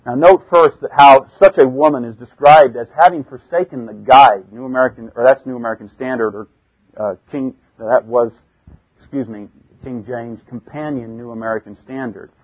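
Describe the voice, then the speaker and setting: A man's voice: mid-range voice, normal speed, husky, highs cut off. A man teaching through Bible verses, reading passages aloud and explaining them with asides and self-corrections.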